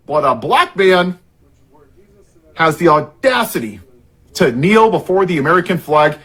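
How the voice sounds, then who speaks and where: A man's voice: high-pitched, big pitch swings, unhurried, pauses often, fairly bright tone. A man in an impassioned political rant, angry and heavily sarcastic, sounding worked up and frustrated. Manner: angry and sarcastic, heavy irony.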